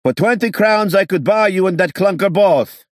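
A man's voice: sits high, normal speed, dry recording, studio quality, voice pushed up, natural voice. A man voicing an indignant, stingy passenger who screams his words.

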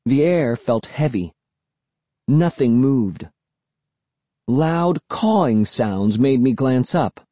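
A man reads a first-person children's story with an animated, rising and falling delivery. His tone is mellow and a bit husky. The recording is dry and close, with no room sound. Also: medium pitch, slow pace, long pauses, no echo. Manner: expressive, animated. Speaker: audiobook narrator. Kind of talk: scripted first-person narration.

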